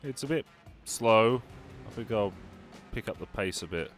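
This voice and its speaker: A man's voice: fairly low pitch, a little slow. A young man giving casual, wry commentary while playing a racing game and answering his chat. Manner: chatty, wry, talks to live chat. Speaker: gaming YouTuber. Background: game music and car engines.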